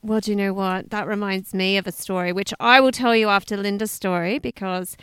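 A woman's voice: medium pitch, steady tone, brisk, a bit bright, smooth, no echo, studio quality. A woman co-hosting a casual chat, reacting to stories and swearing freely. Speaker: podcast co-host.

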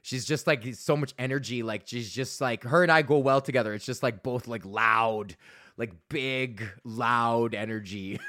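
Comedian host, male, thirties, from Alberta; rambling profane storyteller with a bright tone. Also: medium pitch, unhurried. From Alberta, Canada. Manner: rambling, profane, laughs at his own stories. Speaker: podcast host and stand-up comedian. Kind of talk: casual storytelling monologue.

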